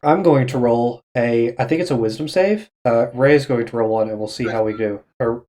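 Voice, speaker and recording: A playful man running a tabletop game, his voice sitting at an ordinary middle pitch. He is goofy and excitable and often trips over his own words as he improvises. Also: a little fast. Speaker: game master.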